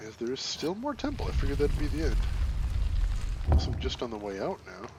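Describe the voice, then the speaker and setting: A man's voice: mid-range voice, wildly swooping pitch, a little fast, heavy background noise. Chatty, laughing gameplay commentator, man. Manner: chatty, jokey, laughs often, playfully pedantic. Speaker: gaming channel host. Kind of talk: let's play commentary.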